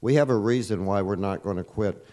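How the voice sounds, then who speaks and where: A man's voice: on the low side, fairly quick, warm tone. A man, leader of a volunteer search group, giving an earnest, emotional statement at a press conference. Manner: earnest, emotional, insistent and repetitive.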